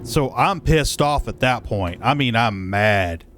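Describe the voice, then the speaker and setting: A man's voice: medium pitch, animated, slow pace, a bit bright, a little hiss or hum. A man livestreaming casual chat while hauling cargo, telling a story in an exasperated, profane way. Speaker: live streamer. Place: in a moving vehicle.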